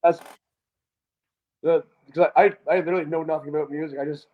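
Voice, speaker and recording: A man's voice: on the high side, fairly even intonation, fast talker. A man with a Canadian accent, a guest in a casual interview, talking in a laid-back way, swearing freely and stumbling over restarts. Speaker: guest artist. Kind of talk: casual video call interview. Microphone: video call. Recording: muffled lo-fi call audio.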